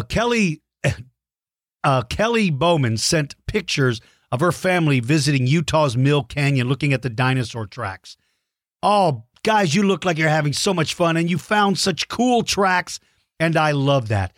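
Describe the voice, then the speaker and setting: A man hosting a children's podcast, reading listener shout-outs in an enthusiastic, exclamatory way. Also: mid-range voice, dry recording, studio quality. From Texas. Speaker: podcast host.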